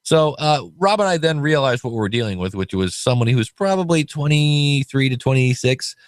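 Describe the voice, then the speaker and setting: A man's voice: medium pitch, lively intonation, brisk, no echo. A man hosting a podcast, chatting casually and telling stories with quoted voices. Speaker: podcast host.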